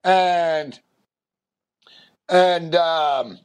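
A man tells a long story on a sports talk show, his voice sitting a touch high for a man. He wanders and restarts, piling on fillers as he goes. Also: very slow, clean tone. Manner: rambling, filler-heavy, animated impressions in quotes. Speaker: radio show host. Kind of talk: casual storytelling chat.

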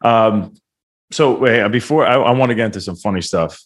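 A male podcast host speaks with a fairly low voice. He chats casually with his guest and tells stories animatedly, laughing often as he goes. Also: a little fast.

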